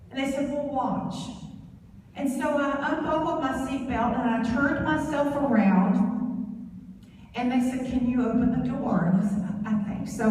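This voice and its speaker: A woman's voice: a little high, warm tone, slight background noise. A woman speaker at a company event, telling a personal story in an earnest, emotional motivational stage talk. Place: large hall. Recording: echoey hall recording from far off.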